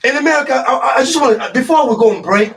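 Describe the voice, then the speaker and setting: A man's voice: extremely high pitch, animated, rapid-fire, fairly bright tone, recorded from a distance, low-quality recording. A man hosting a live radio talk show, speaking in an impassioned, repetitive way and calling his listeners y'all.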